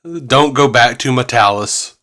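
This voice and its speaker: A man's voice: medium pitch, a little slow, sharp tone. Jokey man reading listener emails. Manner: jokey, laughing, plays up silly voices. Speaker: podcast co-host.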